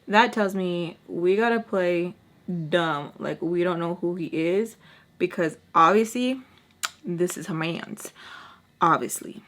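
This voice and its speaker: A young woman vlogger telling a storytime in a casual, animated way, full of fillers and acted-out quotes. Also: on the low side, takes it slowly. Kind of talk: storytime vlog.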